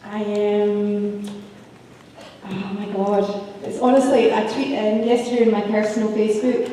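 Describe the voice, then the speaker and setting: A woman's voice: mid-range voice, flat delivery, unhurried, warm tone, a little hiss or hum. A woman telling a story on a convention panel, chatty and laughing often. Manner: chatty, laughing, many fillers. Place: convention hall with crowd. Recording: echoey hall, distant from mic.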